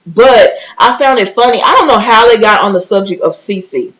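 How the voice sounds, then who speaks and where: Chatty woman recapping, lively asides. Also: medium pitch, poor audio. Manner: chatty, animated storytelling with asides; quick acted-out quotes of others. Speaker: recap vlogger. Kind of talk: casual reality-TV recap.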